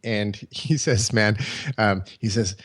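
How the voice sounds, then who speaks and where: A man's voice: on the low side, steady tone, takes it slowly, breathy edge. A man in his forties, a podcast guest, telling stories casually, rambling with many fillers and chuckling as he goes. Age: 40s. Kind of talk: casual storytelling.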